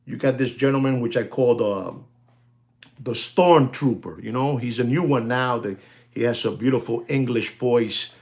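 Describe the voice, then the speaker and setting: A man selling watches in a casual, rambling talk, often calling out to ladies and gentlemen and laughing as he goes. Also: medium pitch, moderate pace. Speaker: watch dealer. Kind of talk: casual chat.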